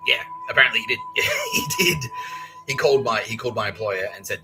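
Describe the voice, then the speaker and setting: A man's voice: lowish voice, quick pace, over music, rough recording. A man in his thirties with an Australian accent, hosting a podcast and telling a long story in a profane, rambling way, often laughing and acting out other people's voices. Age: 30s. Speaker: podcast host.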